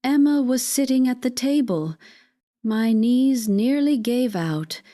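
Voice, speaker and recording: A woman giving a measured, scripted first-person dramatic narration as a storyteller. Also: on the high side, animated, warm tone, no echo, studio quality.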